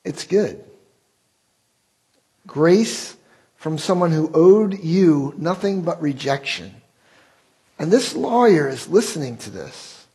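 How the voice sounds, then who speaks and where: A man's voice: a little high, very animated, slow, pauses often, warm tone, husky, poor audio. A man preaching a sermon as pastor, earnest and building to impassioned rhetorical questions.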